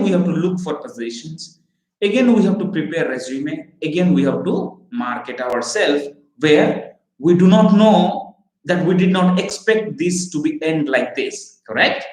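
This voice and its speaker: A man teaching recruiters in a slow, emphatic lecture, often checking in with "okay?" and "right?". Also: fairly high pitch. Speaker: recruiting trainer. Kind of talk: training lecture. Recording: roomy echo.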